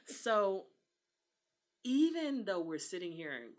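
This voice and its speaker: A woman's voice: medium pitch, very animated, slow. A woman, talking earnestly in a casual podcast conversation and acting out the voices she quotes. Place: Texas.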